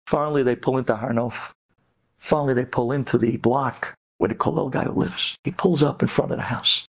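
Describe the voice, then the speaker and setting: A man's voice: medium pitch, moderate pace, vocal fry, husky. A man telling an inspirational story dramatically, with sighs and asides to his listeners. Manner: dramatic, animated, sighing.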